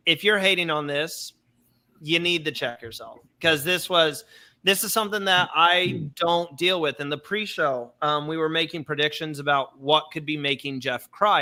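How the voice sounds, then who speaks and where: A man's voice: on the high side, sharp tone. A man hosting a podcast discussion, speaking carefully and measuredly, choosing his words with respect. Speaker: podcast host.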